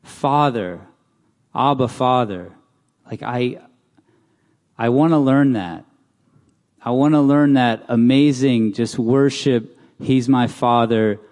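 A man's voice: mid-range voice, steady tone, takes it slowly, mellow. Man preaching in a reverberant hall. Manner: casual, asks the crowd questions. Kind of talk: conversational sermon. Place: church hall.

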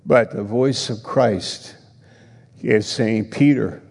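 A man preaching a sermon in a slow, earnest way, rising in pitch for emphasis, and leading a prayer. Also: fairly even intonation, creaky, darkish tone, long reverb tail.

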